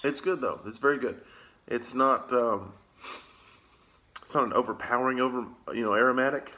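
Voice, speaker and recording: Bright-voiced Southern man chatting casually. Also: medium pitch, normal speed. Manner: rambling, easygoing, with filler words. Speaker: pipe-smoking vlogger. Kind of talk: casual chat.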